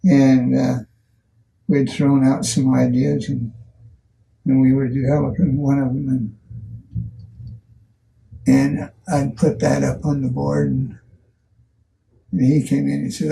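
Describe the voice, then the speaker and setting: An older man in an interview, telling stories from his career slowly, with many restarts and pauses. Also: medium pitch, little pitch movement, gravelly, mellow, far from the mic, a little hiss or hum, poor audio. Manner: slow, halting storyteller with many restarts. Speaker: value engineering pioneer. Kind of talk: recollecting in an interview.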